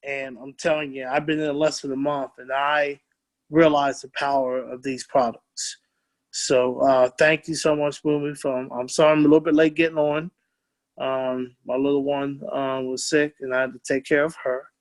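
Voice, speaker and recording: A man's voice: medium pitch, little pitch movement, no echo. Male webinar guest, casual and hesitant, dry recording, mid-range voice. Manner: halting, many fillers and restarts. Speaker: guest giving a testimonial. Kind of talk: casual testimonial.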